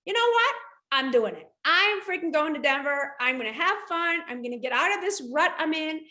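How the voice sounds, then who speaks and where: A woman from the United States, an entrepreneur guest, telling her story in a casual, animated way and acting out quoted dialogue. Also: high voice, fairly quick. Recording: echoey room.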